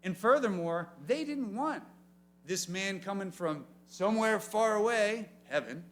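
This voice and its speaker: A man with a higher-than-usual voice delivers a youth sermon as animated storytelling. He jumps into comic voices and throws questions out to the room. He sounds like a youth pastor speaking to teenagers. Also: measured pace.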